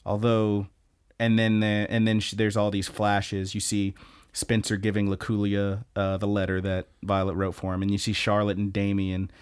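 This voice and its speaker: Low-voiced man recapping anime episodes. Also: moderate pace, clear, resonant tone, no room sound, clean studio sound. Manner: animated retelling, many ums and restarts. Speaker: podcast co-host.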